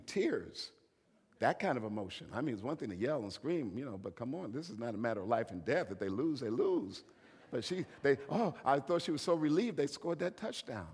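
Husky preacher swinging from whispers to shouts. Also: male voice, medium pitch, big-room sound. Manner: storytelling, swings from hushed whispers to loud emphatic preaching. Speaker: bishop preaching. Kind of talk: sermon.

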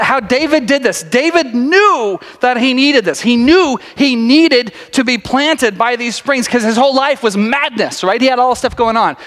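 A man preaching a sermon to a congregation in a church sanctuary, talking fast and chatty, cutting himself off and restarting. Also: very high-pitched, a bit bright. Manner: fast, chatty and self-interrupting, often laughing. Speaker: pastor. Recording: long reverb of a large sanctuary.

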